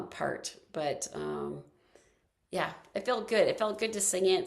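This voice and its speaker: A woman's voice: lowish voice, gravelly, very echoey, recorded from a distance. Chatty woman leading a wellness class. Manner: rambling, chatty, many ums and restarts. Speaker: movement and wellness class leader. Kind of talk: casual online class talk with singing.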